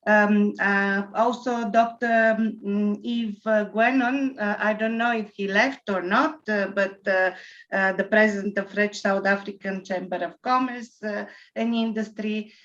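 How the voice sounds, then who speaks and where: Woman guest speaker, mid pitch, hesitant, lo-fi video call. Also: fairly even intonation, unhurried. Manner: hesitant, many fillers, warm greetings. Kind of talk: formal acknowledgements speech. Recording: dull lo-fi video call audio.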